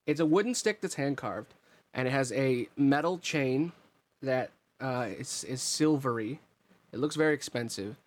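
A man running a tabletop game as game master, describing scenes in a relaxed, rambling way. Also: mid-range voice, normal speed.

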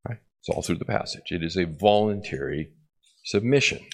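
A man's voice: deep voice, expressive, moderate pace. A male pastor preaching an expository sermon, often repeating key phrases and checking in with the congregation.

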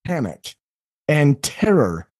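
A middle-aged man who works as a life coach, talking earnestly on a podcast and often acting out other people in quick asides. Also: on the high side, wildly swooping pitch, darkish tone. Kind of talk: candid podcast conversation.

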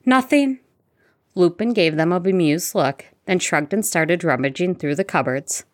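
A woman narrating a fan fiction audiobook in a steady storytelling manner. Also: fairly low pitch, moderate pace, no room sound, clean studio sound.

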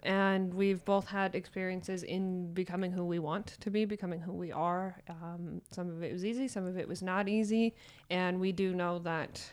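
Playful chatty young woman co-host. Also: fairly low pitch. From small town. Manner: chatty and playful, quick laughs and lively asides. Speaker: podcast co-host. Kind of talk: casual chat.

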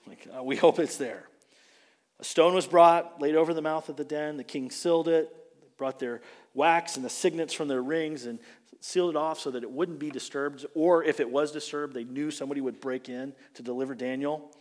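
A male pastor preaching a sermon, retelling the story with animated, dramatic delivery and acted-out quotes. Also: a little high, fairly quick. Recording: long reverb of a large hall.

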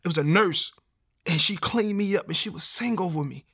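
Young man, streetwise testimony, animated, raspy fry, fairly high. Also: moderate pace. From Baltimore. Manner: streetwise, animated storytelling with slang. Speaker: testimony speaker. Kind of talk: personal testimony storytelling.

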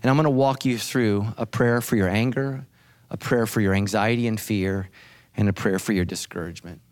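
A man's voice: lowish voice, steady tone, moderate pace. A male pastor preaching a sermon with dramatic, emphatic delivery.

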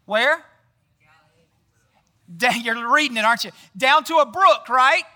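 A man's voice: extremely high pitch, unhurried, pushed and bright. A man giving a casual sermon, chatty and often quizzing the audience with questions. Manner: chatty, often tags lines with "right?". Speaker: pastor.

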